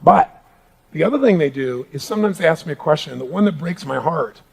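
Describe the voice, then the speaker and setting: Man, motivational speaker, emphatic, audience call-and-response, high pitch, crowd in a large room. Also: expressive, a little fast, vocal fry, slightly rough. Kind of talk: live motivational seminar talk.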